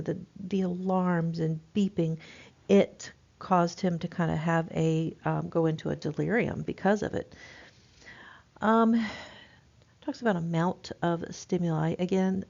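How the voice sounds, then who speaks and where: A woman teaching a nursing class in a relaxed, informal way, with lots of ums and restarts. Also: lowish voice, vocal fry. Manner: informal, many fillers and restarts. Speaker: nursing instructor. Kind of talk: recorded lecture. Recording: dull lo-fi lecture recording.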